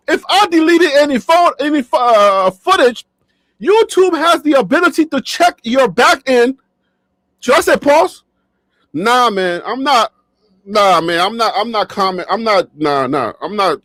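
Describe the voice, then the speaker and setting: Man, sports vlogger, very high voice, animated and jokey, laughs a lot, dry close sound. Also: measured pace, no room sound. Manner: animated, joking, laughs often, repeats himself. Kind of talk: casual talk to camera. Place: his own studio.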